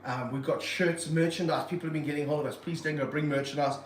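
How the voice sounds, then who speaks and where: A man running a casual livestream from his reptile room, excitable and jokey, full of slang. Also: a little high, quick pace, roomy sound, slight background noise, poor audio. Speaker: reptile park owner and streamer.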